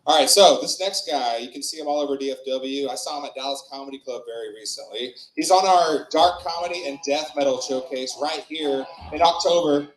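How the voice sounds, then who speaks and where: A man's voice: mid-range voice, fairly quick, hardly any pauses. Hyped male club host, echoey room. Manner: hyped, shouting the crowd up. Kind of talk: introducing the next comic. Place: small comedy club.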